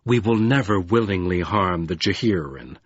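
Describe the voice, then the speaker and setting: A man voicing a careful, solemn male giant in an audiobook, measured and even. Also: medium pitch, breathy edge, dry recording, highs cut off. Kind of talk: audiobook character voice.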